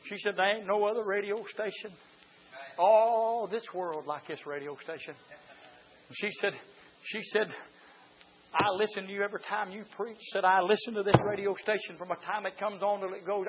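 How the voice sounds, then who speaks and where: A man preaching a fiery sermon, moving from quiet storytelling to high shouted exhortation. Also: noisy background. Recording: dull lo-fi church recording.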